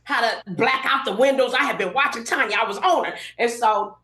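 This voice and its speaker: A woman in her fifties from Inglewood, California, telling an animated story as a guest on a casual podcast interview and acting out the voices she quotes. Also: a little high, fairly quick. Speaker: guest hairstylist. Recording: roomy echoey room.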